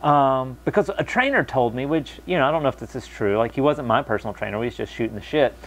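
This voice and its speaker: A young American man talking casually to camera, animated, mocking other people's voices when quoting them. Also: mid-range voice, quick pace. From United States. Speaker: vlogger.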